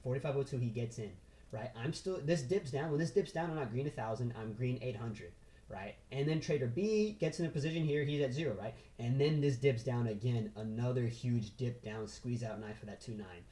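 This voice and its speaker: A man walking through a trading chart in an excitable, casual way, punctuating every point with "right?" and "boom." His voice is warm and mellow, recorded with a roomy echo. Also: fairly quick. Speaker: trading instructor.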